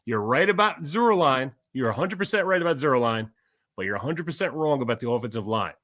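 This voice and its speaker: A man's voice: mid-range voice, animated, fairly quick, fairly bright tone, dry recording, studio quality. A middle-aged man talking sternly in heated casual chat, lecturing and pressing for agreement. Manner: stern, lecturing, repeats "okay?".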